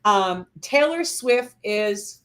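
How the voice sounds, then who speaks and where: A woman hosting a casual interview, asking quick-fire questions and laughing often. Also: medium pitch, lively intonation, fairly bright tone. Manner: laughs often, upbeat and chatty. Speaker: host.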